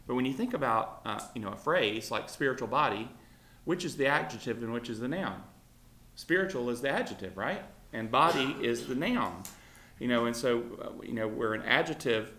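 A man's voice: mid-range voice, expressive, moderate pace, pushed and bright. A man teaching an informal Bible class, talking conversationally with many fillers and putting questions to his students. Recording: roomy echo.

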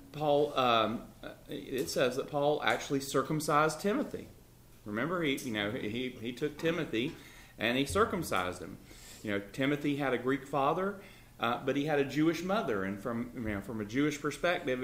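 A man's voice: mid-range voice, echoey room. A man leading a Bible study, explaining and reading scripture in an earnest, conversational way. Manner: earnest, repeats words, reads scripture aloud.

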